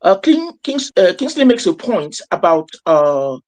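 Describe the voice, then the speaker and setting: A man, a professor, giving analytical commentary, halting with many fillers. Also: high-pitched, very animated. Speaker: professor, panel guest.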